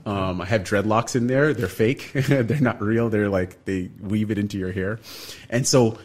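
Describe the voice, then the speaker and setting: A man from Canada, a guest on a radio show, telling a long story with lively energy and acting out the other people in it. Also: lowish voice, measured pace. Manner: animated storyteller, acts out other people's lines.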